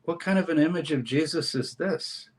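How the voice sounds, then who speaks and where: A man speaking as a guest scholar in an interview, explaining a text with lively emphasis and reading passages aloud. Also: a little high, normal speed. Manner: animated, reads scripture aloud with dramatic emphasis. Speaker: scholar and course teacher, guest.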